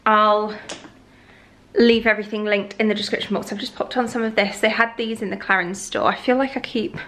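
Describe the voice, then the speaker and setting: A woman's voice: mid-range voice, fairly even intonation, a little fast, fairly bright tone. A young woman chatting casually in a home vlog, rambling and going off on tangents. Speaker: lifestyle vlogger. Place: at home, indoors.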